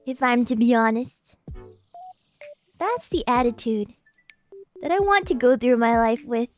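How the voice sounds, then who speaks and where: A woman streamer rambling playfully in casual chat, giggly and animated. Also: fairly high pitch, unhurried, soft background music. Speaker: VTuber streamer.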